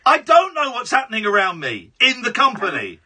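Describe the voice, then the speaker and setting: Sex: male. Role: radio phone-in host. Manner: sarcastic, combative. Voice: high, lively, bright, husky. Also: fairly quick. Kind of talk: live radio phone-in argument.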